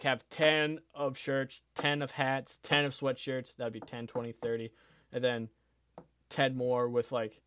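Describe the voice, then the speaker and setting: A young man talks alone into his podcast mic, rambling through his thoughts and swearing freely as he gets excited. He laughs easily. The sound is a little dull and very dry. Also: mid-range voice, clean tone, no room sound. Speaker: podcast host. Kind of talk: casual solo podcast chat.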